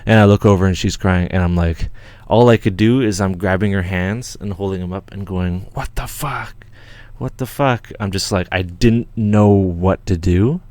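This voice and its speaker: A Canadian man hosting a livestream, telling a story in an excited, rambling way with lots of swearing and restarts. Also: low-pitched, normal speed, few pauses, no echo. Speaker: channel host.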